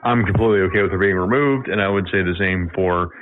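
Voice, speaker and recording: A man from Georgia calling in with a measured, slightly hesitant comment. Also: low voice. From Georgia, USA. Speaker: caller. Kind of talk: call-in comment. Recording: phone line with faint noise.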